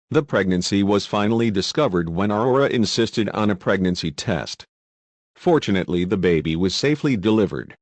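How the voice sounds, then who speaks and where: A man's voice: fairly low pitch, dry recording. A man reading a scripted countdown voice-over with a dry, wry delivery. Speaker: list narrator.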